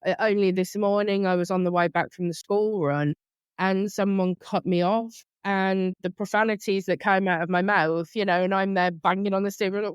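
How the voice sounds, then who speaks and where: A woman's voice: mid-range voice, moderate pace, clear, resonant tone, no room sound. Candid woman in her thirties hosting. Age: 30s. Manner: chatty, candid, self-deprecating. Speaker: podcast host. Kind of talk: casual conversational interview.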